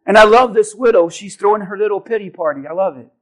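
A man preaches to his congregation in a strikingly high voice. He is impassioned, often shouting and slowing his words down to drive a point home. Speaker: pastor. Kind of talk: sermon. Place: church.

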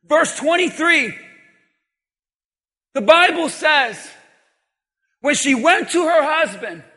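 High-voiced, bright impassioned preacher man. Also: animated, slow pace, big-room sound. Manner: impassioned preaching with repeated refrains. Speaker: pastor. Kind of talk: sermon. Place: church.

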